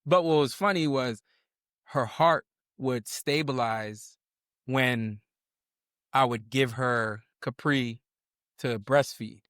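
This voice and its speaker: Young male co-host, animated storyteller, mid pitch, dry close sound. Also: takes it slowly, pauses often, dry recording. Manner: animated storyteller, acts out quoted voices. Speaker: podcast co-host. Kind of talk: casual storytelling chat.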